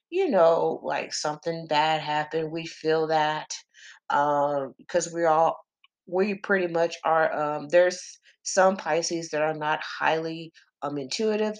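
A woman's voice: deep voice, steady tone, a little slow. A young woman hosting a podcast, rambling through casual astrology talk with lots of fillers and swearing. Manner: rambling, profane, many fillers. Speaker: podcast host.

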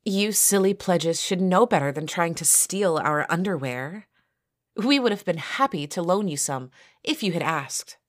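A woman's voice: fairly low pitch, expressive, measured pace, dry recording, clean studio sound, pitched above the performer's own voice. A woman voicing a taunting young sorority sister who teases and giggles, in an audio story. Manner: teasing, giggly.

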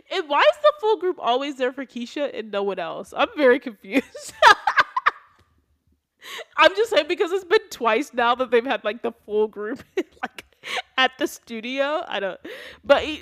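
A woman chatting casually as a podcast co-host, recapping a TV episode, animated, laughing often and acting out quotes. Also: on the high side.

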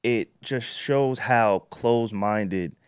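A man's voice: medium pitch, smooth, no echo, studio quality. A man around thirty co-hosting a casual talk show, making his points steadily and checking that the listener follows. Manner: measured, asks "you get what I'm saying?". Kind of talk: casual chat.

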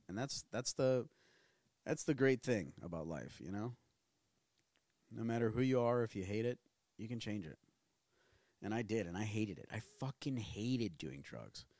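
A man's voice: fairly low pitch, darkish tone, dry recording, clean studio sound. A man from the New area, hosting a casual solo podcast and rambling candidly with plenty of profanity. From New Orleans area. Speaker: podcast host.

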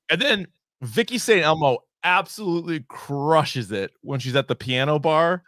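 A man's voice: a little high, expressive, measured pace, fairly bright tone, no echo. A man in casual podcast chat, laughing often and acting out quotes from a comedy film. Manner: laughs a lot, acts out quotes in mock voices.

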